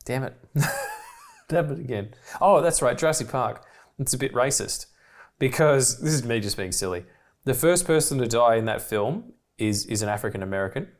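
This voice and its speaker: Male podcast co-host from Australia, talks fast and manically, casual, sweary film-commentary rambler. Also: mid-range voice. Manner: rambling, excitable, swears freely, laughs often.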